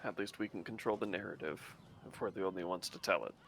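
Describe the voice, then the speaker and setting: A man playing a gravelly, formal ship captain. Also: sits low, fast, fairly bright tone, slight background noise. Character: calm male ship captain, commanding.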